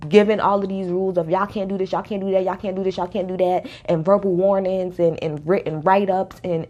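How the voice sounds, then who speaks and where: A woman talks through a reality show recap in a casual, opinionated way. Her voice sits in an ordinary middle range. She is blunt and sassy, and she hammers her points home by saying them again and again. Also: medium pitch. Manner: sassy, blunt, animated, repeats points for emphasis.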